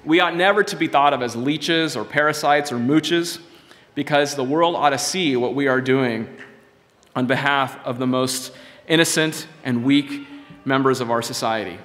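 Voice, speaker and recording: A man preaching a sermon with earnest, measured exhortation. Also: medium pitch, a bit bright, big-room sound.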